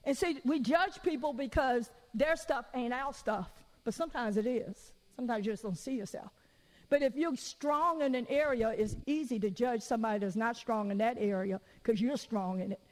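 A woman preacher giving a conversational sermon, telling stories in an animated way and acting out what people said. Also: a little high, moderate pace, big-room sound. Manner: animated storytelling with acted-out quotes.

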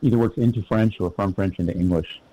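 A man's voice: lowish voice, fast, mellow, a little hiss or hum, rough recording. A man in casual conversation, blunt and opinionated. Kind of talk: casual chat.

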